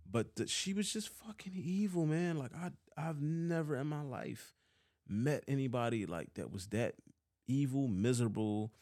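A man's voice: mid-range voice, expressive, moderate pace, darkish tone, dry recording, studio quality. A man in his thirties with a Philadelphia accent, telling a heated, profane story about a past boss in a casual vlog. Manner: profane, heated, swears often. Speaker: vlogger.

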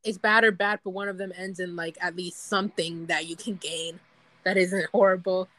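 A woman's voice: on the low side, steady tone, normal speed, fairly bright tone, no room sound, rough recording. A woman co-hosting a casual chat, giggling often and rambling as she loses her thread. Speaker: podcast co-host.

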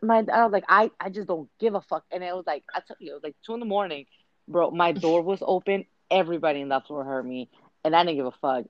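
A woman's voice: low voice, no room sound, highs cut off. Blunt, profane woman telling a story. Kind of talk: casual storytelling chat.

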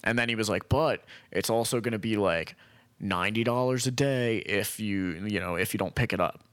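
A young man rambles his way through a story in easy conversation, swearing freely and playing out each person's lines. His voice sits fairly low. The sound is dry and close, with no room around it. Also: normal speed, clean tone, dry recording. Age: young adult. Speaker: storyteller in casual chat. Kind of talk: casual chat.

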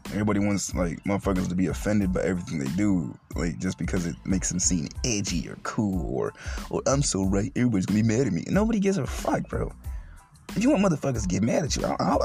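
A man with a lowish, warm voice and some vocal fry hosts a solo podcast. He rants bluntly, swears heavily, laughs often, and mocks the voices of people he quotes.

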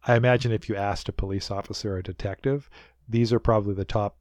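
A man co-hosting a podcast, chatting in a rambling, animated way as he recaps a show. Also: lowish voice, fast talker, no echo. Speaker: podcast co-host. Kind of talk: casual recap chat.

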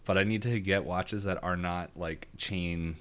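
A man co-hosts a relaxed episode recap, his voice sitting on the low side. He rambles, trips over his words and breaks into giggles often. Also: clean tone. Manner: rambling and giggly, quick bursts of acted quotes. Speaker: podcast co-host. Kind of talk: casual recap chat.

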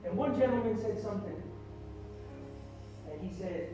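A pastor with a strikingly high voice preaches to his church. His delivery is animated and emphatic, and it carries from a distance through a very echoey hall. Faint music sits under his words. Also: moderate pace, pauses often. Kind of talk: sermon.

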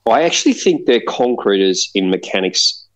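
Animated Australian man telling a story. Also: fairly low pitch, moderate pace, poor audio. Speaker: podcast co-host. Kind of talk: casual storytelling.

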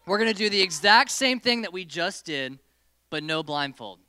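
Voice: mid-range voice, normal speed, pushed and bright, smooth, no echo, studio quality. A youth group leader running a hands-on lesson in a meeting room, playfully giving stage directions to volunteers and the group.

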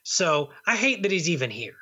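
A man's voice: a little high, big pitch swings, normal speed, pushed and bright, husky. A man co-hosting a movie podcast, chatting casually and rambling, with many restarts and repeated words. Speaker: podcast co-host reviewing movies. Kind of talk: casual chat.

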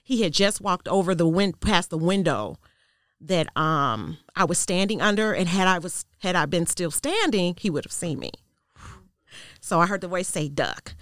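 A woman guest sharing a personal testimony in an interview, telling it in an earnest, measured way that goes quiet at the tense parts. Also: lowish voice, expressive, dry recording, clean studio sound. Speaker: podcast guest.

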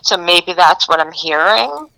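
A woman's voice: on the low side, expressive, a little slow, gravelly, sharp tone, no echo, poor audio. A woman co-hosting a podcast in casual chat, hesitant and giggly. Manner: hesitant, giggly, good-natured. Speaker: podcast co-host.

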